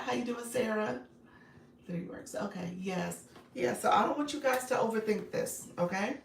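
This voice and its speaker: Speaking at medium pitch with a creaky, darkish voice, a woman coaches and hosts a live stream, reading chat cheerfully and repetitively while laughing and greeting viewers by name. The recording is roomy and distant, with a little hiss or hum.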